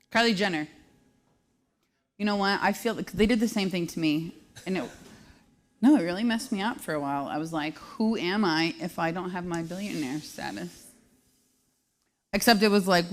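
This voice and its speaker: Lady host rambling on a live show, jokey and self-mocking, laughs a lot. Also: medium pitch. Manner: self-deprecating, joking, laughs often. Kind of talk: casual live-show chat.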